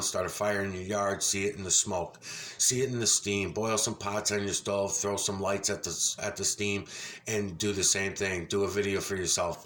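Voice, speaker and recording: Angry, profane, low-voiced man. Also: a bit bright, a little hiss or hum. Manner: insistent, repeats himself. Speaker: video commentator. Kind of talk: casual commentary over a video.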